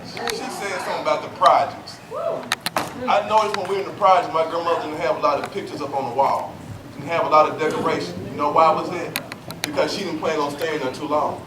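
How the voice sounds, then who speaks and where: A man's voice: fairly high pitch, steady tone, fairly quick. A man telling a story in a conversational way. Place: theater. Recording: distant echoey theater with noise.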